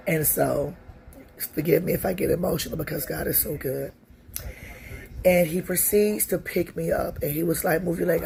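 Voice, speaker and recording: A woman in her forties giving a personal testimony, telling her story in a halting way with many pauses and restarts. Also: low-pitched, creaky, darkish tone, slight background noise.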